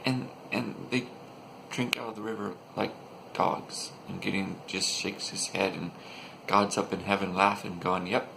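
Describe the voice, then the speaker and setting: A man's voice: on the low side, little pitch movement, normal speed, vocal fry, background noise. A man casually retelling an old story, chatty and joking, often restarting with "and, and".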